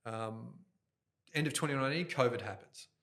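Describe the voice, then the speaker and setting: A man in middle age, talking as a guest in a podcast studio. His voice is bright and forceful, and he talks in lively, fast bursts. He is close on a directional microphone. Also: mid-range voice. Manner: energetic, fast, jokey, talks with his hands toward the mic. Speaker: guest, event host and MC. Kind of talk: animated interview storytelling.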